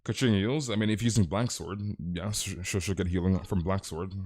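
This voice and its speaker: A young man streaming a game live, chatting casually with viewers and telling animated, exaggerated stories. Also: low-pitched, a little fast. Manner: casual, animated, reads chat aloud, exaggerates. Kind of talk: live stream chat while playing.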